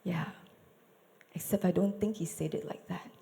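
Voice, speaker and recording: A woman telling a Bible story at a church service, animated, asking the audience questions and dropping to whispers for effect. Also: on the low side, normal speed, gravelly. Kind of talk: dramatic storytelling sermon.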